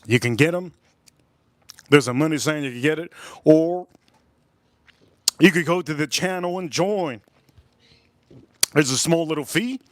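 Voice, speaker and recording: A middle-aged man with a Miami accent rambles through a casual whiskey livestream. He drags his phrases out and keeps repeating himself. His voice sits a bit high and sounds close and dry, with no room around it. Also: dry recording. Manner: rambling, repetitive, drawn-out phrases. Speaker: whiskey reviewer and livestream host.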